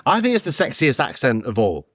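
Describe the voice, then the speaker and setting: A man co-hosting a podcast, joking around and swearing casually as he chats. His pitch swings widely from line to line, and the sound is dry and close. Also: huge pitch swings, a little fast, a bit bright, no echo. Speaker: podcast co-host. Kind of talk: casual chat.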